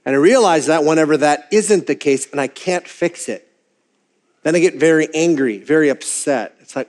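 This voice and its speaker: A man's voice: on the high side, expressive, normal speed, darkish tone. A man preaching a sermon as pastor, talking candidly and conversationally, often restarting and repeating words as he goes. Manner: conversational and candid, acting out his own quoted thoughts.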